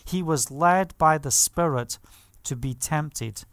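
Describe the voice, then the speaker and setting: Male preacher, high clear voice, dry close sound, emphatic delivery with hallelujahs. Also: slow, fairly bright tone, no room sound. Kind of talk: sermon.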